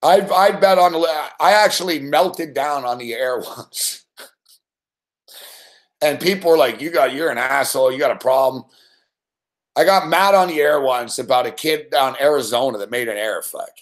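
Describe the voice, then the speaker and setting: A man hosting a live late-night sports betting show, telling stories in a profane, animated way with mock shouted outbursts. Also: on the high side, moderate pace.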